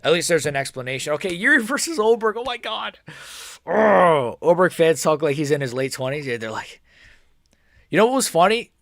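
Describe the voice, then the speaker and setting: A young man hosting a live fight watch-along stream, reacting casually and swinging between nervous mumbling and excited shouting. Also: on the high side, a little fast, no echo, studio quality.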